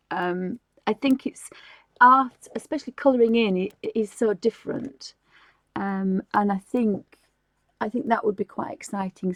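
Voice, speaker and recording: A middle-aged woman from England chats loosely as she colours on a live stream, her thoughts wandering and doubling back. Her voice sits at an ordinary pitch, and the recording is dry and close, with no room around it. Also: gravelly, a little mellow, no room sound. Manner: chatty and rambling, with frequent laughs and restarts. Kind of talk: casual chat while colouring.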